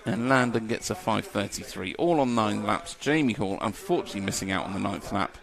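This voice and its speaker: A man's voice: lowish voice, fairly quick, creaky, a crowd in the background. A man giving live commentary at a model car race, chatty and joking, laughing often.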